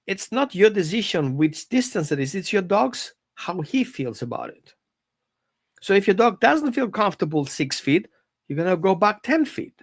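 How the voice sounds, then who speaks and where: A dog trainer gives an informal live-stream lesson from home. The delivery is animated and conversational, with a coaching tone that keeps asking the listener to follow along. The voice sits at a middle pitch. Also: no room sound, studio quality.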